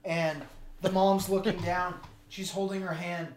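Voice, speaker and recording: A man's voice: high voice, little pitch movement, a little slow. A man co-hosting a comedy podcast, casually spinning a crude, gory improvised story. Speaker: podcast co-host. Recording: roomy echo with faint background noise.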